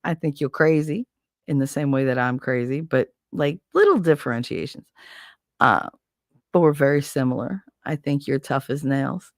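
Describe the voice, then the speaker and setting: A host with a bass voice talks at normal speed, her dry recording clean and studio-grade. In this casual storytelling chat she rambles through animated anecdotes, cursing freely, and addresses a viewer's comment.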